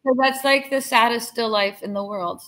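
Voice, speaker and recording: A woman's voice: on the high side, normal speed, fairly bright tone, slight background noise. Enthusiastic American woman hosting a video call. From United States. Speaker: host. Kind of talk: live video call interview.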